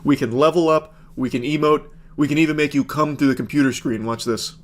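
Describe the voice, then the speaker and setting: A man hosting a comedic commentary video, reading and reacting with sarcastic, deadpan asides. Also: fairly high pitch, fairly quick, a little hiss or hum. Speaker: commentary host.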